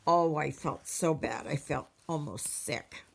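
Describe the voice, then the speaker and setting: A woman's voice: sits low, slow, gravelly, slightly rough. A Canadian woman chatting casually to her viewers as a cross-stitch vlogger, rambling and storytelling with many fillers.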